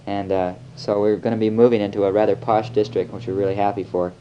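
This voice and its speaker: Young american guy, low mellow voice, chatty taped letter home, muffled with a bit of hiss. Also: little pitch movement, fast talker. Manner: easygoing, rambling, chatty. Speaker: missionary. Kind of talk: spoken audio letter. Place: missionaries' flat. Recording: lo-fi home tape with faint hiss.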